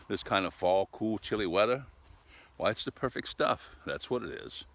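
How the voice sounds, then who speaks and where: A man's voice: deep voice, animated, moderate pace, creaky, pauses often, fairly bright tone. An older man chatting casually outdoors in cold weather in a rambling, folksy way, talking to his camera. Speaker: vlogger. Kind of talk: casual outdoor vlog chat. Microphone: camera set up outdoors.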